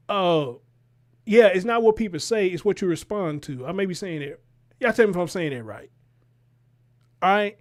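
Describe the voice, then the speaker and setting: A man reacting to a news clip as host, talking in an animated, profane way and firing rhetorical questions. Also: high-pitched. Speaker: commentary show host.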